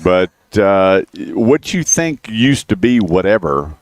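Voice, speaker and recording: Low-voiced chatty male radio host. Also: very animated, takes it slowly. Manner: chatty storyteller, repeats the phone number. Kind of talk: casual radio chat with car dealer plugs. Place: radio studio.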